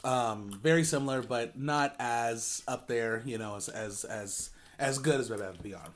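A man's voice: mid-range voice, a little slow. A young adult man, a co-host, telling a casual story at home while eating on camera, rambling with lots of ums and restarts. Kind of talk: casual storytelling during a mukbang.

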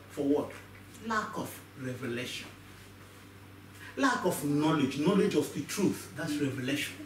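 Male pastor, lively pitch, preaching to a congregation, roomy church hall, distant mic. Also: measured pace, a little hiss or hum. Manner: animated, acts out voices, asks the congregation questions. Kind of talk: sermon.

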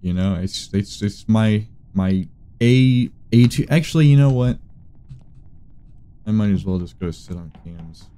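A man's voice: fairly low pitch, unhurried, mellow, clean tone. A man streaming an online game, muttering sarcastic asides and swearing casually. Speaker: streamer playing a social deduction game. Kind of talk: casual gaming chat.

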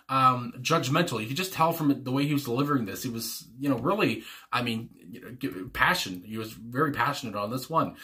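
A man's voice: medium pitch, sharp tone. A man talking casually through his reaction to a song, rambling with lots of fillers and frequent chuckles. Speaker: music reaction host.

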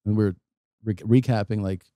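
In a clean studio recording with no room sound, a middle-aged man appears as a guest comedian on a podcast. His fairly low, level voice is brisk and mellow as he tells stories casually, acts out other people's lines, swears, and laughs while talking.

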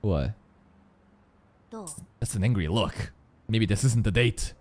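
A man reacting live to an anime episode in casual commentary, excitable and foul-mouthed, laughing often and talking back at the screen. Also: on the low side, slow.

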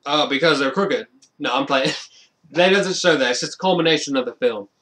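A man's voice: on the high side, a little fast, pushed and bright. A man giving a casual, rambling film review, with lots of fillers and restarts and frequent amused laughs.

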